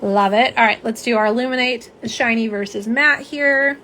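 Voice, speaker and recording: A bubbly middle-aged woman chats away on a phone livestream, her voice sitting a little high. She talks straight to her viewers and reads out their comments. A faint hiss sits under the voice. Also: normal speed, sharp tone. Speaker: nail polish livestream host. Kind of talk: casual livestream chat reading comments. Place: home setup for live streaming. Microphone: phone camera on a live stream.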